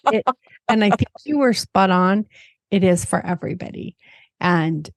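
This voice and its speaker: A woman's voice: mid-range voice, animated, a little slow, pauses often, no room sound. Woman host, eager and chatty, casual swearing, dry close mic. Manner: enthusiastic, laughs often, swears casually. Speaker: podcast host. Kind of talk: casual podcast conversation.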